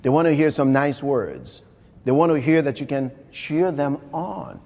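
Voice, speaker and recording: Speaking at a measured pace, a middle-aged man from Haiti uses a slightly high, darkish voice with big pitch swings in his motivational keynote. His Haitian accent carries stories, emphatic repetition and direct appeals to the audience, recorded live in a reverberant hall.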